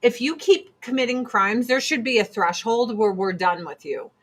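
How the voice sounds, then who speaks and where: A woman's voice: fairly high pitch, normal speed. A woman hosting a casual monologue chat, blunt and emphatic, repeating her points for force. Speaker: host.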